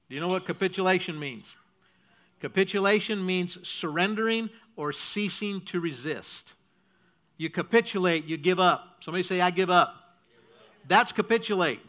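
A man's voice: sits high, fairly bright tone. A man preaching a sermon, explaining a point step by step and checking in with the congregation with frequent "okay?"s. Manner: teaching, asks the congregation to repeat and checks "okay?". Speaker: pastor.

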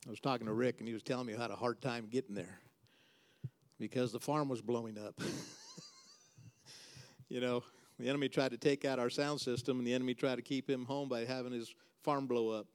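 A man preaching a sermon as pastor. He builds to loud, emphatic, repeated refrains and then drops to a soft, quiet voice for prayer. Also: fairly even intonation, a little fast. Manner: preaching with dramatic swings in pitch and volume.

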